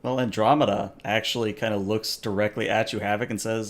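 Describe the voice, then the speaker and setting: A man narrating a tabletop game as game master, in a relaxed, filler-heavy way. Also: on the low side, a little fast.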